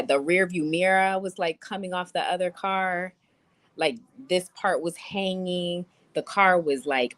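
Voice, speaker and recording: A woman's voice: low voice, low-quality recording. A young adult woman venting in a casual livestream, chatty and swearing as she reads chat comments. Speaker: vlogger on a livestream.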